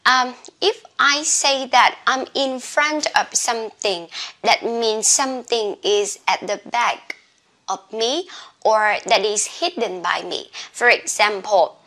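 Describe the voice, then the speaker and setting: A woman's voice: on the high side, bright, forceful tone. A woman teaching an English lesson, spelling words out letter by letter. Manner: slow, spelling out letters one by one. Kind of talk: classroom lesson. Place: classroom with a board.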